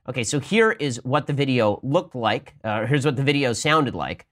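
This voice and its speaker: Fast-talking argumentative male show host. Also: medium pitch, lively intonation, fairly bright tone. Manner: rapid, argumentative, rhetorical questions. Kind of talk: political commentary, reading listener mail.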